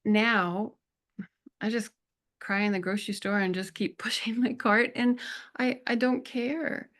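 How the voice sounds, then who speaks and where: A middle-aged woman speaking as a podcast guest, telling personal stories in an earnest, emotional way with slow reflective pauses. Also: on the high side, fairly even intonation, a bit bright. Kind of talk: conversational interview.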